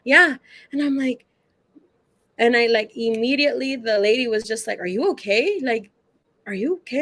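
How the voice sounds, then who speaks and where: A woman's voice: on the high side, normal speed, pauses often, a bit bright, dry recording. A woman who works as a psychic medium, telling stories as a guest in a casual, chatty way. She uses lots of fillers and acts out the dialogue in her stories. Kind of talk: casual storytelling.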